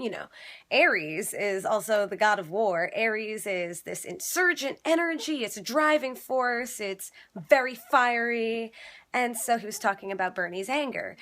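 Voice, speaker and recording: A woman's voice: mid-range voice, a bit bright. A woman comedian talking in a casual vlog from her bedroom, chatty and swearing freely, building up to passionate emphasis. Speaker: comedian vlogger. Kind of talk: casual bedtime vlog monologue.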